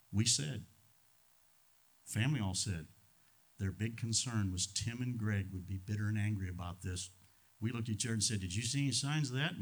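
Emphatic pastor preaching, bright voice. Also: male voice, mid-range voice. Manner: emphatic, swings from loud to hushed. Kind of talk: sermon.

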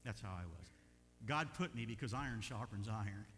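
Bright-voiced folksy pastor preaching. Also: male voice, lowish voice, animated, brisk. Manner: folksy storytelling, bursts of loud emphasis. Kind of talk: sermon. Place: church sanctuary. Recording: long church hall reverb, faint hum.

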